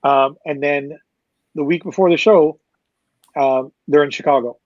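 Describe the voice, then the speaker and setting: A man with a Canadian accent casually recounting a story as a promoter, animated, swearing and acting out the people he quotes. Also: on the high side, a little slow, dry recording. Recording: slightly muffled dry recording.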